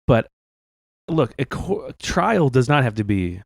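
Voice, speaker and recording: A man hosting a comedy podcast, improvising as a doctor in a deadpan, halting way full of restarts. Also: medium pitch, vocal fry, no echo, studio quality.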